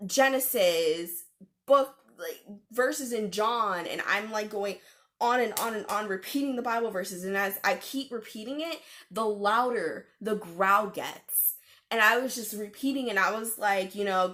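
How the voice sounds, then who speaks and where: A woman's voice: medium pitch, measured pace. Young woman telling a ghost story. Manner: animated, dramatic retelling with laughs and fillers. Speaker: vlogger. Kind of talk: casual storytelling.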